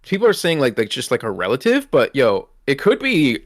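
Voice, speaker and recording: A man's voice: mid-range voice, huge pitch swings, a little fast, no echo. Podcast guy rambling eagerly about theories, dry close sound. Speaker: podcast co-host. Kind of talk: casual chat.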